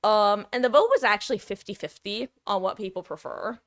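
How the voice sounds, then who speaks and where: A woman streamer chats with her viewers at a desk microphone, rambling across topics and breaking off mid-thought, laughing freely between asides. She speaks briskly at a normal middle pitch in a talkative, self-interrupting manner.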